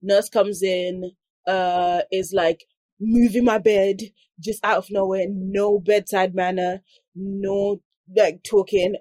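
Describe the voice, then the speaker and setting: Woman, casual storyteller, husky voice, dry close sound, acts out the dialogue. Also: medium pitch, slow, dry recording. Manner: animated, acts out quoted dialogue; frequent "like" fillers. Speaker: podcast guest telling a story.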